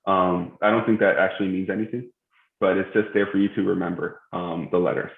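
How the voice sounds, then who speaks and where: Deep-voiced young man teaching, echoey. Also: steady tone, fairly quick, vocal fry. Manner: hesitant, many filler sounds, self-correcting. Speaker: tajweed teacher. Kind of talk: live-streamed religious lesson. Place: mosque. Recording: echoey, tinny phone-like stream.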